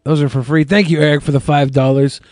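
A man with a slightly high voice hosts a live podcast and answers viewer questions. He swears constantly and sounds exasperated. The sound is dry, with no room echo. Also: level tone, fast, a little mellow. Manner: profane and exasperated. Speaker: podcast host.

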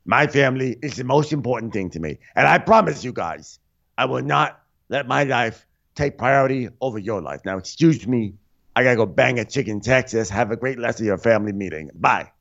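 A man's voice: mid-range voice, lively intonation, a little fast, creaky, fairly bright tone, highs cut off. A man doing an impression of a crude, self-justifying older man, blustering in a raised voice.

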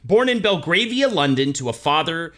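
A man hosting a casual podcast, reading a biography and joking along the way. His voice is bright and forceful, with lively swings in pitch. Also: normal speed. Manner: animated, joking. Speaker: podcast host.

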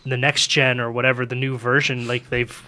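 A man co-hosting a casual gaming podcast, chatty and quick to laugh, animated when telling stories. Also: mid-range voice. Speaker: podcast co-host. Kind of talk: casual chat.

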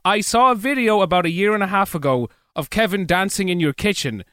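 A man's voice: sits high, fairly quick, fairly bright tone, no echo, studio quality. A man with an Irish accent, a podcast guest chatting casually, joking and rambling with frequent restarts. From Ireland. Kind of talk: casual chat.

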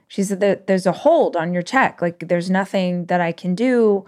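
A woman podcast host telling a personal story in an emotional, animated way with quick bursts. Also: fairly low pitch.

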